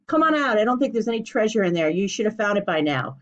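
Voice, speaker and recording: A woman voicing an excitable young boy who talks loud and excited. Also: medium pitch, quick pace, close to an everyday voice. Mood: calling. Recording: dull lo-fi recording.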